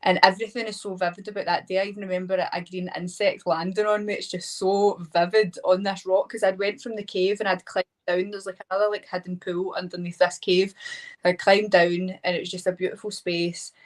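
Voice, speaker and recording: A woman with a Scottish accent, a hypnotherapist guest telling a personal story in a lively, chatty way full of laughs and fillers. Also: on the low side, fairly quick, low-quality recording. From Scotland. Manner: animated, laughing, many fillers like "like". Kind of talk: casual storytelling interview.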